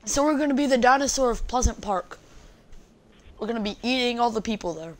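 A woman's voice: fairly high pitch, expressive, a little fast. A woman hosting a gaming channel, giving goofy, joking gameplay commentary and playfully teasing her viewers. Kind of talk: let's-play gameplay commentary.

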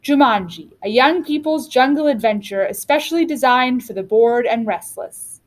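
Bossy young sister for a storybook read-aloud, higher voice, read by a woman. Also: animated, moderate pace, lightly acted. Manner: eager, bossy. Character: bossy determined girl, older sister.

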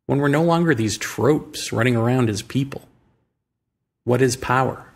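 This creaky, medium-pitched American podcast host delivers a musing monologue about politics and spirituality. He asks rhetorical questions and chooses his words slowly and deliberately.

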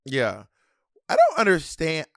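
Animated man chatting on a podcast. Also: fairly high pitch, measured pace, no echo, studio quality. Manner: rambling, animated, acts out quoted voices. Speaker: co-host reviewing a TV show. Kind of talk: casual chat.

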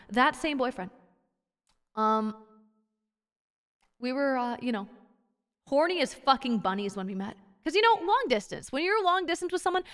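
A young woman with a high, bright voice, chatting casually to her stream. She rambles, swears freely and gets loud and giddy. Her voice sounds close and dry, with little room around it. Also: dry recording. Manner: loud, rambling, swears a lot, laughs and shouts. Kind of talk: casual chat.

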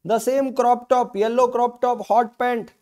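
Emphatic high-voiced Indian male law tutor. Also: little pitch movement, a little slow, darkish tone. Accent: Indian English. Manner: repetitive, emphatic, rhetorical questions. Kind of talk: online lecture.

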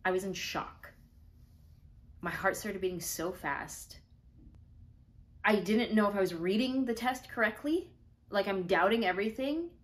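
Pregnant woman, vlog storyteller, mid-pitch voice, lively delivery that acts out quotes. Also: a little slow, pauses often. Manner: animated, acts out her own and others' quoted lines. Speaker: vlogger telling her own story. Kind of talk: casual storytelling.

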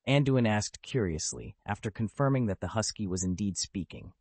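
Lowish, lively male audiobook narrator. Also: moderate pace, creaky, few pauses, husky, dry recording. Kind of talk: scripted novel narration.

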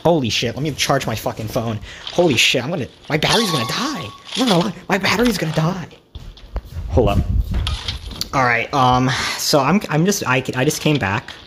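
A man's voice: a little high, brisk. Young man cursing through mobile gameplay. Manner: excitable, cursing, complaining. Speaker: gamer. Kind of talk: casual gameplay commentary. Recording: loud background noise.

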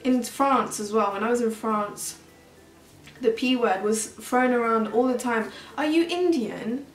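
A woman's voice: on the high side, fairly even intonation, unhurried, soft background music. Young woman vlogger, earnest and talkative, recorded distant from the mic. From Mauritius. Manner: chatty, earnest, heavy use of "like". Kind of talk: candid personal story vlog. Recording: roomy sound, mic at a distance.

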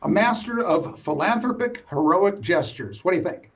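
A man hosting a casual interview, reacting quickly and laughing often. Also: high voice, big pitch swings, recorded from a distance, lo-fi sound. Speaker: host.

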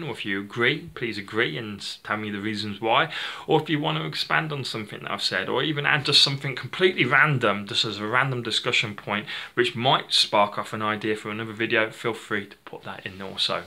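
A man's voice: lowish voice, pushed and bright. A man hosting his own channel, talking off the cuff in a rambling, chatty way, often correcting himself mid-sentence. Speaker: channel host. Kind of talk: unscripted casual monologue.

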